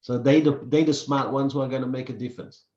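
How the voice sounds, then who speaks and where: A man chats casually on a podcast, stopping and restarting his sentences. His voice sits at an ordinary middle pitch. The room echoes around him, and the sound is slightly dull. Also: fairly even intonation, background noise. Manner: halting, repeats words and fills pauses. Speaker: podcast host. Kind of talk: casual chat.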